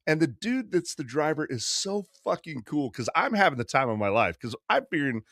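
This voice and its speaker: A man in his fifties, co-hosting a podcast and telling a long story casually, profane and quick to act out other people. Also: on the high side, dry recording, clean studio sound. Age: 50s. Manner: profane, animated storyteller doing quick voices. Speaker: podcast co-host.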